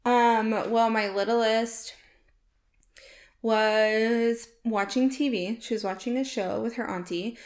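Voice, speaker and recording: A woman's voice: fairly high pitch, steady tone, slow. A woman in her thirties, a mother co-hosting a podcast, chatting casually and telling a story full of "like". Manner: chatty storyteller, frequent filler "like". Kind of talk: casual chat, anecdote telling.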